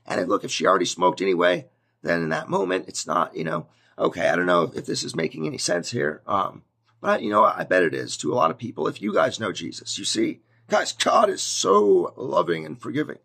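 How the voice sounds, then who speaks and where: Gravelly-voiced man preaching casually. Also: deep voice, a little fast. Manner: conversational, animated, acts out shouted scenes. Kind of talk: casual video sermon.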